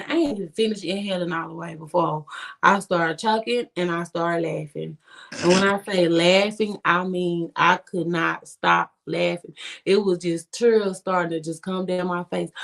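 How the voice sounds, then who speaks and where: A woman guest on a podcast telling a story casually, animated and acting out what her friends said. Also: creaky. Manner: animated, swings pitch to act out friends' lines.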